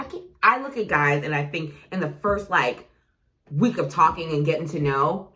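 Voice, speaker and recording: A woman in her thirties from New York, talking bluntly and with plenty of profanity in a casual podcast chat. Her voice sits a little low and swings widely in pitch as she tells her stories. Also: brisk. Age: 30s. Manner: blunt, profane, animated storytelling. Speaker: podcast guest co-host.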